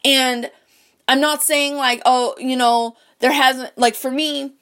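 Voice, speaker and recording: A woman's voice: high voice, steady tone, slow pace, a bit bright. A young woman in a casual, rambling rant, swearing often and full of fillers and restarts. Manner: profane, rambling, many fillers.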